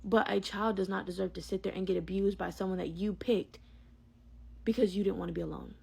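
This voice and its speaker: A woman's voice: mid-range voice, steady tone, fairly quick, vocal fry, darkish tone, a little hiss or hum. A woman giving a blunt, heated monologue to her viewers, speaking her mind. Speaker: vlogger. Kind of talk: opinionated monologue to camera.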